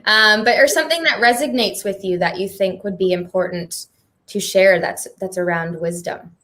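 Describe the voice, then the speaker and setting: A woman's voice: mid-range voice, normal speed, fairly bright tone. A woman moderating a live panel conversation on stage. She speaks in an earnest, heartfelt way and laughs often. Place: performing arts centre stage.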